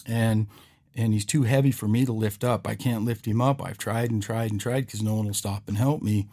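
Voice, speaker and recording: A man voicing a polite little boy near tears who apologizes and pleads for help, in a low voice close to his own. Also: steady tone, normal speed, mellow. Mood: pleading.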